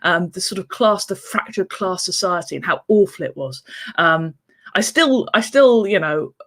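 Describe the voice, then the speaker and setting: A woman's voice: on the low side, animated, moderate pace, a bit bright. A woman author talking through a casual explanatory vlog in a chatty, rambling way, with asides and restarts. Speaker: children's book author.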